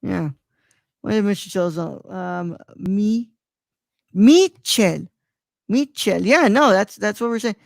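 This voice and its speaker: A man's voice: sits high, a little slow, gravelly, dry recording. Rambling young man hosting a live stream. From Mexico. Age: 20s. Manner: rambling, filler-heavy, stumbles over names. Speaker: live show host. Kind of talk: casual live-stream chat.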